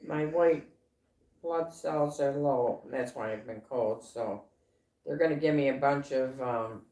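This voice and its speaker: A woman's voice: very deep voice, mellow. Rambling woman in an echoey room. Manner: rambling, halting, many restarts and fillers. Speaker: livestream co-host. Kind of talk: casual chat.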